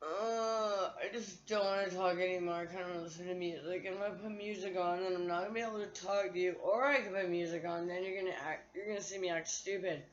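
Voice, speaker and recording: A woman's voice: lowish voice, steady tone, fast, hardly any pauses, lo-fi sound, a little hiss or hum. A woman vlogger talking to her phone in a candid, profane, rambling monologue.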